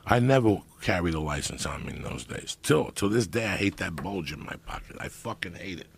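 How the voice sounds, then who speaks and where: A middle-aged man with a very low, gravelly voice spins profane, animated stories in casual podcast talk. His pitch swings widely as he goes, and a faint hiss of noise sits under him. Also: normal speed. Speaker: guest storyteller.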